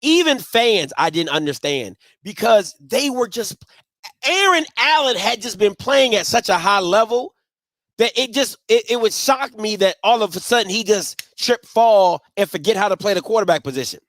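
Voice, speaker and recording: A high-pitched man hosts a sports call-in show. He talks in excitable bursts, restarting his sentences and sometimes shouting. The sound is very dry and close. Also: moderate pace, no echo. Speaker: postgame show host. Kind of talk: animated sports call-in talk.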